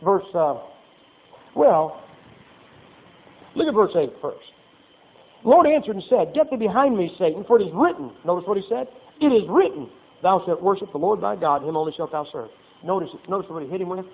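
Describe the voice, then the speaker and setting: A man's voice: high voice, animated, fairly quick, creaky, long pauses. A man preaching a folksy sermon, reading scripture and acting out little asides. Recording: tinny phone-like sound.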